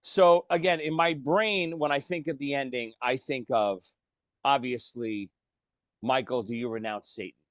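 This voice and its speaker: A man co-hosting a casual podcast speaks at medium pitch and a slightly slow pace, recorded with no echo. He chats animatedly about films, swears casually, and acts out movie lines.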